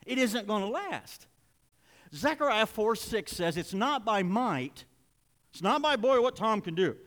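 A man's voice: high voice, fairly bright tone, big-room sound. An older man preaching a sermon in a church, folksy and confessional, building to emphatic points. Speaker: pastor. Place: church sanctuary.

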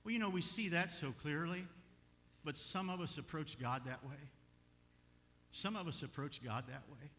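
Older male pastor, bright forceful voice, animated sermon delivery, church reverb. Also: a little high, normal speed, long pauses, a little hiss or hum. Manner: animated, swings from quiet asides to loud urging.

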